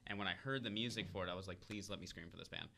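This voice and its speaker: A man's voice: low-pitched, rapid-fire, creaky, sharp tone, slight background noise. A male band vocalist talking as a guest in a casual interview.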